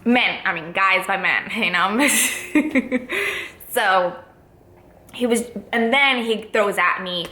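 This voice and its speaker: A woman's voice: medium pitch, takes it slowly, sharp tone. A young woman, a fitness competitor, telling her story in a casual, candid way, swearing freely and peppered with fillers. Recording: echoey room with faint ambience.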